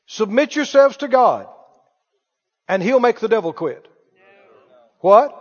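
A man's voice: extremely high pitch, very animated, unhurried, long pauses. A man preaching a sermon, emphatic, firing questions at the congregation. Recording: muffled hall recording with long reverb.

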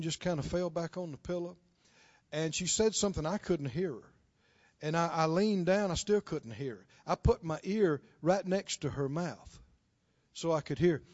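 A male preacher delivering a sermon, prodding the congregation with questions and swinging between shouts and hushed storytelling. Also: high-pitched, dry recording, highs cut off.

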